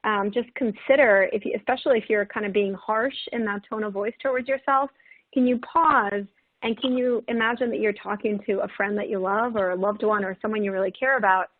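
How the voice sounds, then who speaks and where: A woman's voice: medium pitch, steady tone, fairly quick, dry recording. A woman panelist giving an encouraging webinar talk, casual and chatty with frequent "right?" and "like". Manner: warm encouraging, many "right?" and "like" fillers. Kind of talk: webinar talk on self-compassion. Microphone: video call. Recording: tinny phone-like call audio.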